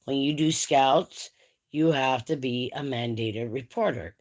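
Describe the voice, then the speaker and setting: A woman's voice: rumbling low, a little slow, darkish tone. A tired, yawning woman hosting a livestream, chatting casually and bluntly to her viewers. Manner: blunt, chatty, talks straight to the audience. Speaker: livestream host.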